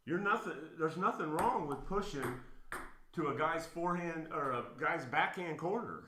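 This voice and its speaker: A man's voice: on the high side, lively intonation, moderate pace, pushed and bright, a little hiss or hum. A man giving blunt, emphatic coaching commentary on table tennis videos, getting worked up as he corrects a player. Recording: roomy echo.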